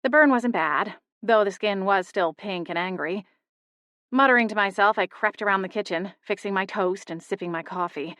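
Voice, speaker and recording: A young woman narrating a first-person audiobook in a steady, intimate storytelling manner. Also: mid-range voice, normal speed, dry recording, studio quality. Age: young adult.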